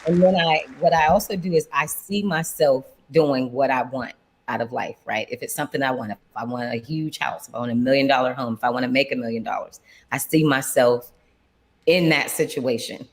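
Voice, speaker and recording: A woman's voice: very deep voice, a little fast, a faint crowd. A woman speaking as a panelist, sharing her daily habits in a candid, conversational way. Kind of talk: casual panel discussion.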